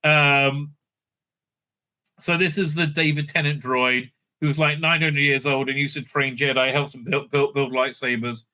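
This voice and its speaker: A man's voice: medium pitch, fairly even intonation, a little slow, bright, forceful tone. A man recapping and reviewing a TV episode in a rambling, profane and sarcastic way. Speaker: show reviewer.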